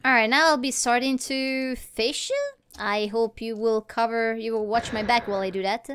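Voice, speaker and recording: A woman chatting casually while playing a game, playful and giggly, with excitable exclamations. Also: a little high, normal speed, a little hiss or hum. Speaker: gamer recording a let's play. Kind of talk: casual gameplay chat.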